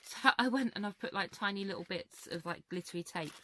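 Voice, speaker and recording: A woman's voice: medium pitch, fairly quick, fairly bright tone, slight background noise. A young woman vlogging from home in a casual, rambling, candid way, laughing often, with her voice a little worn. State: voice going. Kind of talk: casual chat to camera.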